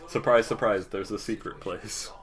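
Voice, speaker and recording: A man's voice: on the low side, fairly even intonation, normal speed. A young man giving casual, joking game commentary as a streamer, laughing often. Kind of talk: casual let's-play commentary.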